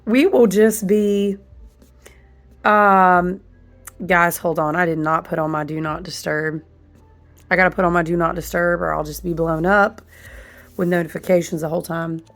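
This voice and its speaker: A chatty woman talking straight to her viewers in a low, gravelly voice. She is hoarse, her voice still on the mend, with a husky, smoky edge. Her delivery is animated and informal, full of asides to her audience. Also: moderate pace, pauses often, faint music behind. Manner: chatty, animated, says "y'all" and "listen" often. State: hoarse, voice recovering. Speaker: candle and ritual tool maker. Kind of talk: casual chat to camera.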